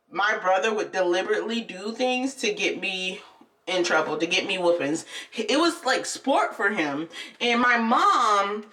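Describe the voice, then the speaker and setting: A young woman vlogger telling a personal story in casual, candid chat, animated and often laughing. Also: mid-range voice, far from the mic.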